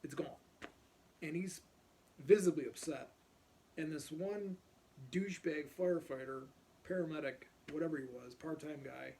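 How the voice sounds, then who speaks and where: A man recounts old neighborhood tales in a loose, rambling storytelling style, his voice sitting a little high for a man. He keeps stopping to clear his throat between thoughts. A faint hiss of noise sits under the recording. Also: darkish tone. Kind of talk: casual anecdotal storytelling.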